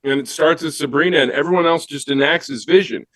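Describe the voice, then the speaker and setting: Panelist, man: higher voice, giggly, animated anecdote-teller, dry close sound. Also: quick pace, no room sound. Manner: animated, giggly storyteller acting out quotes.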